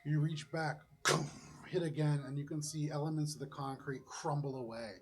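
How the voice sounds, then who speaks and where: A man narrating as game master of a tabletop role-playing game, describing the action in a relaxed, chatty way. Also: a little high, fairly quick, a little hiss or hum.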